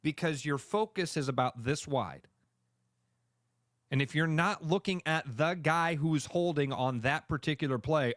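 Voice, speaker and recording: A man's voice: fairly high pitch, no room sound, studio quality. Man talking sports on the radio. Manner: animated, acts out fans' reactions in quick voices. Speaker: radio sports show co-host. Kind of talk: sports talk radio chat.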